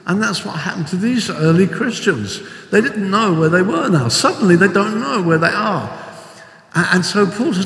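An older man preaching a sermon with animated storytelling, acting out the voices he quotes. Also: sits high, normal speed, vocal fry. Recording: echoey hall with long reverb.

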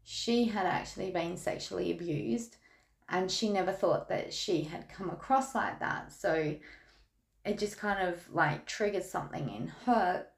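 An Australian woman talks slowly through a tarot reading, her voice gravelly with fry and her words candid and chatty. The room around her sounds roomy and echoey. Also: medium pitch. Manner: candid, chatty storytelling with laughs. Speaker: tarot reader. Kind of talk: casual tarot podcast chat.

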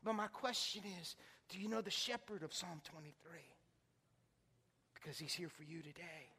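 A man preaching in a reverberant hall, his voice bright and fairly high. He drops to a near whisper, then builds to ringing climaxes. Soft music plays underneath. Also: moderate pace, husky. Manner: swings from hushed intimacy to loud preaching climaxes. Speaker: pastor. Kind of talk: sermon with altar call.

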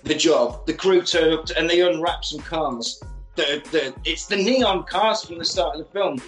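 Animated man recapping a film. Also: a little high, moderate pace. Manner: animated, swears freely, acts out quotes. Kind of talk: casual comic film recap. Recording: roomy echo, faint music.

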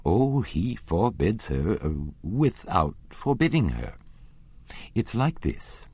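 A man reading an audiobook, voicing a kindly, candid old woman with white hair who chats warmly and laughs easily. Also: sits low, sing-song, takes it slowly, husky, no echo, pitched above the performer's own voice, full character voice. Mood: matter-of-fact. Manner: chatty, laughing, then indignant.

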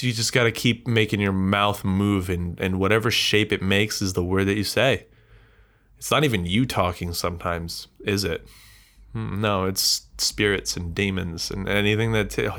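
A man's voice: lowish voice, fairly bright tone. A man hosting a solo podcast, talking in a bitter, rambling, self-mocking rant with swearing. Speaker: podcast host.

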